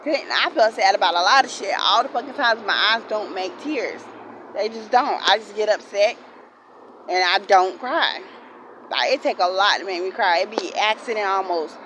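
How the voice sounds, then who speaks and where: A woman's voice: medium pitch, moderate pace, fairly bright tone, slight background noise, poor audio. A woman in her forties venting to camera in an unscripted storytime rant, blunt and profane, repeating herself often. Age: 40s. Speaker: vlogger.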